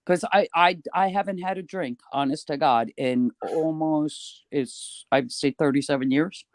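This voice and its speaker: Retired New York man, talkative storyteller, higher voice, close dry sound. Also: a little slow, no room sound. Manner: chatty storyteller, lively and swearing now and then. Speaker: guest. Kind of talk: casual chat.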